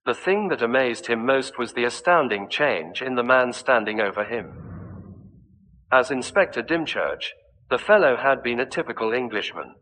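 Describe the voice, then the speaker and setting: A man narrates a classic mystery in a bright, forward voice. His reading is measured and even. A long reverb trails behind every line. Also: mid-range voice. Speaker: audiobook narrator. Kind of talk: scripted narration of a mystery story.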